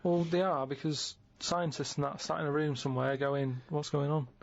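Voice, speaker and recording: A man's voice: fairly high pitch, steady tone, normal speed, creaky. A middle-aged man on a podcast, asking blunt, skeptical, plain-spoken questions. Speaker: podcast regular. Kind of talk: casual chat. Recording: slightly dull podcast audio.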